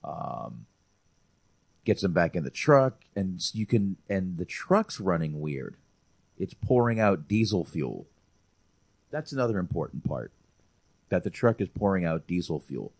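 Deep-voiced guy chatting about a movie, swings up and down a lot, dry close sound. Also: measured pace, vocal fry, long pauses, husky, dry recording. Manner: rambling, profane and animated. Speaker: podcast host. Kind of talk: casual movie-review chat.

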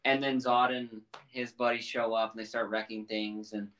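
A man's voice: lowish voice, flat delivery, moderate pace, a bit bright. A man co-hosting a podcast, recapping a film plot in a loose, rambling way with lots of fillers. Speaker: podcast co-host. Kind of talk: casual chat. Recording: roomy, distant mic.

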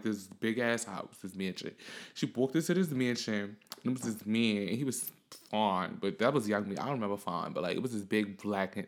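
A man's voice: medium pitch, fairly bright tone. A young man hosting a solo podcast, telling a story in a casual, profane, rambling way. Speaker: podcast host.

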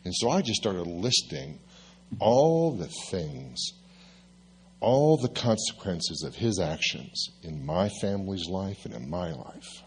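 A male pastor telling a personal story in a sermon, lively and confessional, with self-mocking asides. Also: sits low, slow, a little hiss or hum.

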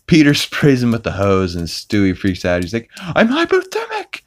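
A man's voice: sits low, animated, moderate pace. A man hosting a podcast, casually recapping a cartoon episode with lots of fillers. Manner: rambling, with many fillers and put-on character quotes. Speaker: podcast host.

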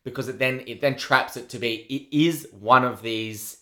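A man's voice: medium pitch, steady tone, moderate pace, pushed and bright. A man co-hosting a film and TV podcast, chatting casually and rambling with lots of fillers. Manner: rambling, filler-heavy, enthusiastic. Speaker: podcast co-host. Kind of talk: casual chat reviewing a TV show.

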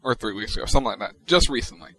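Man, podcast co-host, casual chat, relaxed matter-of-fact delivery, mid-pitched voice. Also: very fast.

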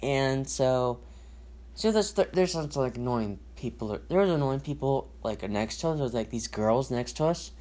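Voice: medium pitch, lively intonation, moderate pace, darkish tone. A podcast host talking alone in a rambling, repetitive way, full of swearing and restarted sentences. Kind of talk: casual solo rant and storytelling.

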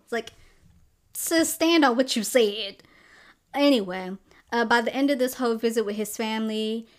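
Chatty young woman reviewing a book. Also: medium pitch. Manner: chatty, sassy asides, acts out characters' lines. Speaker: podcast host. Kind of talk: casual book review chat.

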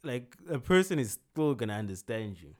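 A young man with a South African accent telling a story in a relaxed, casual chat, laughing loosely now and then. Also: mid-range voice, normal speed.

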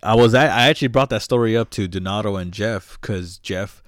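Low-pitched man, loose profane podcast co-host, dry close sound. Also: a little fast, no echo. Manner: profane, rambling storyteller. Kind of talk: casual chat.

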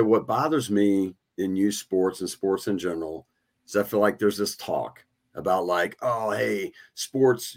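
Low-voiced guy hosting a podcast, earnest, tells lots of little stories. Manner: earnest, storytelling. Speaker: podcast host. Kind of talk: casual conversation.

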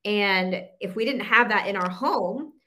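A woman's voice: mid-range voice, measured pace. Encouraging woman hosting a faith podcast. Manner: warm affirming, encouraging. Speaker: podcast host and Christian coach. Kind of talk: casual faith-based conversation.

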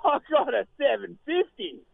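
A man's voice: extremely high pitch, sing-song, normal speed, creaky, no room sound, full character voice. Guy doing a rowdy broad aussie bloke, rambling and chanting, phone-line tinny. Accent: broad Australian. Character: boozy ocker Aussie bloke on holiday, middle-aged.

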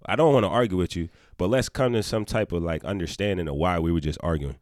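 Young man, lower voice, casual podcast chat, animated, dry sound. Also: quick pace, no room sound. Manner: animated, laughs often, swears. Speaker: podcast co-host.

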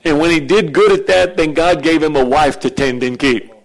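High-voiced joking male pastor. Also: normal speed, poor audio. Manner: animated, joking with the congregation. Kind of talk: sermon. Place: church.

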